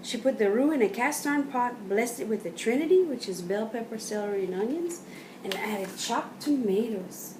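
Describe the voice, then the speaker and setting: A woman reading a picture book aloud to children, pausing to point at pictures and explain words. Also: on the high side, lively intonation. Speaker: storyteller. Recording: roomy, from a distance, faint background noise.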